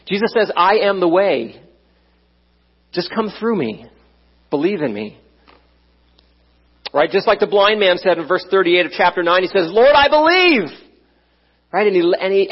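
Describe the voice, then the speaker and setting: A man's voice: high-pitched, slightly rough. A middle-aged man preaching a sermon, telling a personal story in a conversational way with frequent "right?" asides. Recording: dull, muffled sound.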